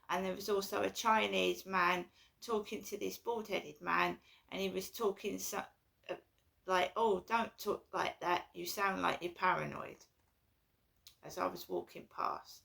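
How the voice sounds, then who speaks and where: A woman's voice: medium pitch, creaky, a bit bright. A woman vlogging in a casual, anxious and rambling way, repeating her complaints. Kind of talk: casual personal vlog.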